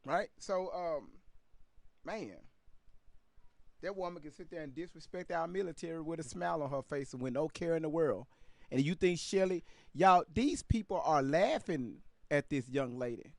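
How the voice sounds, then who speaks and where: Guy ranting casually to his viewers, swears a lot, slightly high voice, dry close sound. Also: lively intonation, moderate pace, gravelly, dry recording. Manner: loose, profane, talks straight to viewers. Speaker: commentary channel host. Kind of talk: casual reaction commentary.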